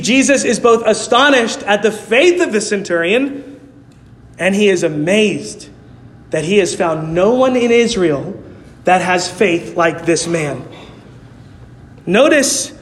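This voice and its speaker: A pastor with a notably high voice delivers his sermon with emphatic conviction, driving his points home through repeated rhetorical lines. His words ring out with a long, hall-like reverb. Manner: emphatic preaching with rhetorical repetition.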